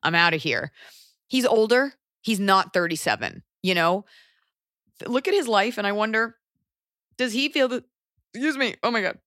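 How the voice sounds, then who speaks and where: A woman co-hosting a podcast, giving casual advice in a rambling, animated way and swearing freely. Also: fairly high pitch, moderate pace, pauses often, no echo, studio quality. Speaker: podcast co-host. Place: Los Angeles area.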